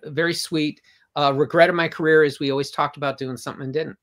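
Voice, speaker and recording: A man's voice: on the high side, fairly even intonation, fast. An older man, a comic artist guest, telling long anecdotes with frequent restarts in a casual interview. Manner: rambling, warm anecdotes with restarts.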